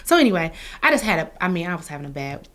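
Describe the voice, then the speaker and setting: A woman hosting a casual podcast conversation, a real estate team leader who tells lively stories and acts out the dialogue. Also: fairly low pitch, rapid-fire. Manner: animated storyteller, acts out quoted dialogue.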